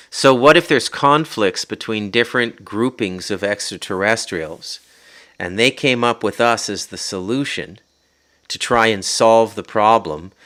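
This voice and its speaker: Rambling Ottawa Valley Canadian man, bright-toned. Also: lowish voice. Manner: rambling, self-interrupting, prone to tangents. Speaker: podcast host. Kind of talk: rambling casual livestream talk. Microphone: podcast mic.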